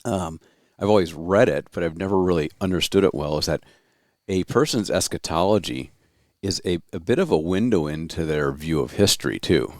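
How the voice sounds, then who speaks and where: A man co-hosting a casual discussion podcast, talking thoughtfully and often pausing to search for the right words. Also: deep voice, animated, a little mellow, no room sound, studio quality. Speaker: podcast co-host.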